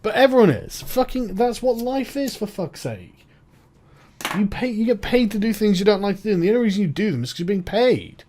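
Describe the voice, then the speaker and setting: A man's voice: sits high, expressive, a little fast, darkish tone, slight background noise. A man ranting in an exasperated, profane and rambling way, with many false starts. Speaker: online commentator. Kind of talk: ranting video commentary.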